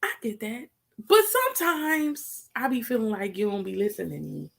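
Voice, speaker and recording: A young woman co-hosting a casual chat about marriage, candid and quick to laugh, talking straight to the viewers. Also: medium pitch, sing-song, vocal fry. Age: young adult. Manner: candid, laughs often, talks to viewers as y'all. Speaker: co-host.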